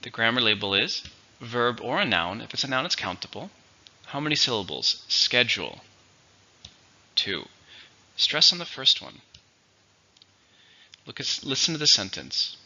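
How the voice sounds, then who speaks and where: Man slowly teaching vocabulary, bright tone. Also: mid-range voice, big pitch swings. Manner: slow, clear, instructive delivery. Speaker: English teacher. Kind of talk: vocabulary lesson. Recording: dull, lo-fi recording.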